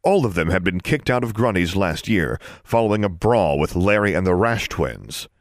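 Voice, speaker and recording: A man with a low voice reading a novel aloud, his pitch rising and falling lively across each sentence. The recording is close and completely dry. He tells the story steadily between character voices. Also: moderate pace, no echo. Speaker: audiobook narrator. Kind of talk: scripted narration.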